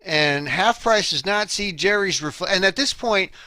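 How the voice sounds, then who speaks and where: A man's voice: high-pitched, expressive, moderate pace, sharp tone, no room sound. A man co-hosting a podcast, retelling a movie scene by scene in a laid-back, slangy way. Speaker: podcast co-host. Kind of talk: casual movie recap chat.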